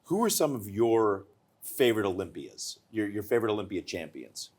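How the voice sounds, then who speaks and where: A man's voice: on the low side, animated, normal speed, a little mellow. A man co-hosting an interview show, joking and teasing the guest. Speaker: co-host. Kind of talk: casual interview chat.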